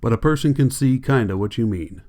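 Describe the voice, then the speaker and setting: A man voicing a vain, chatty young ranch wife in a plain mid-pitched voice, in an audiobook reading. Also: expressive, fairly quick, warm tone, lightly acted. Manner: chatty, complacent, drawling.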